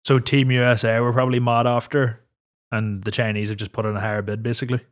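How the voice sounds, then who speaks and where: A man's voice: medium pitch, flat delivery, quick pace. A man co-hosting a podcast, teasing his partner and asking dry questions in casual banter. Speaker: podcast co-host.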